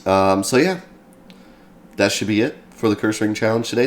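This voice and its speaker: A man streaming live gameplay commentary, a bit sick in the voice, who yells at the game when things go wrong. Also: fairly low pitch, normal speed. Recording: faint game music behind.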